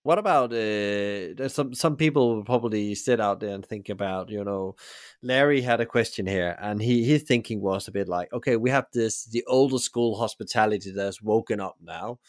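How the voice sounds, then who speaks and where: A man hosting a podcast interview, speaking haltingly with many restarts and fillers. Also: on the low side, dry recording, clean studio sound. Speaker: podcast host.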